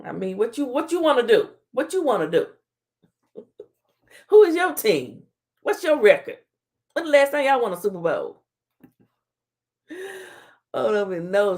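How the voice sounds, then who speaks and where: Gravelly woman hosting a live chat. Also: medium pitch, a little mellow. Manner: playful trash-talking, laughing, Southern slang like "child" and "honey". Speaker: talk show host. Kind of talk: casual live-stream chat reading comments.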